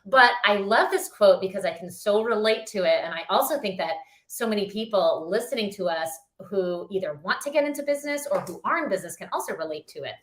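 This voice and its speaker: A woman's voice: mid-range voice, animated, fast, a bit bright. A woman from Rhode Island co-hosting a podcast in a chatty, giggly way, often losing her train of thought. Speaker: podcast co-host. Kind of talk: casual chat. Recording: roomy echo.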